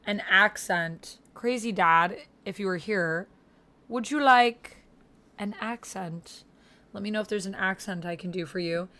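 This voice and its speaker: A woman's voice: medium pitch, a little slow, bright, forceful tone, a little hiss or hum. A woman streamer in casual livestream chat, reading and thanking her chat viewers as she talks.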